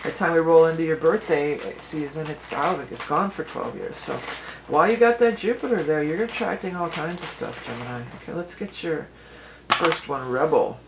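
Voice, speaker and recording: A woman's voice: low-pitched, expressive, normal speed, background noise. A woman giving a casual tarot and astrology reading for her viewers, chatty and rambling, often restarting her sentences and laughing easily.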